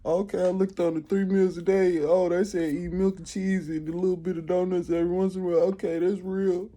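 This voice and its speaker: A naive, trusting everyman who nods along to everything he reads, as a man puts him on in a lifted, mellow voice. The agreement comes fast and eager. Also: sits high, little pitch movement, pitched above the performer's own voice. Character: gullible average man who believes everything.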